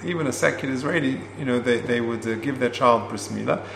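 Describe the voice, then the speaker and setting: A man teaching a Torah class, explaining Hebrew terms and telling a story in an unhurried way with many fillers. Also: mid-range voice, vocal fry. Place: classroom, also streamed online. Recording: roomy with faint hum.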